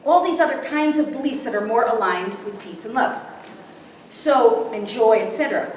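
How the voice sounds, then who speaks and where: A woman's voice: fairly high pitch, lively intonation, normal speed, a little mellow. A woman giving a spiritual workshop talk to a live group, often checking that the audience follows. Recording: very echoey room, distant, faint noise.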